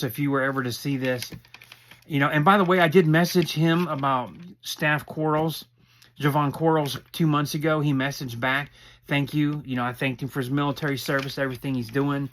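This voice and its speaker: A man's voice: mid-range voice, a bit bright. Rambling middle-aged man recapping a show. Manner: rambling and opinionated, acting out quotes. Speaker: recap commentator. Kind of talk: casual show recap commentary.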